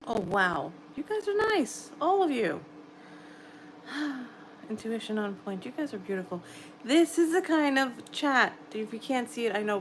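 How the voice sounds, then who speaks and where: Gentle American woman chatting on a livestream. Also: a little high, slight background noise, rough recording. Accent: American, New York. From New York area, US. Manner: gentle, encouraging, chatty with viewers. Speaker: livestream host. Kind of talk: casual live chat reading comments. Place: home at night, quiet room.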